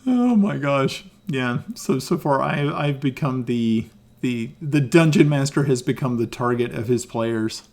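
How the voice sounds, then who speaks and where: Lively Southern American man, laughing streamer. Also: medium pitch, a little slow. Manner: animated, laughs often, swears casually. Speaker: dungeon master and streamer. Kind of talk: casual stream chat.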